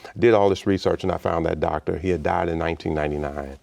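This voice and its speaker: A man's voice: low-pitched, fast talker, vocal fry. A man in his sixties from Chicago, a guest in an interview telling a personal story with energy and acting out the other people in it. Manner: animated storyteller who acts out the voices in his story. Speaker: interview guest, state official.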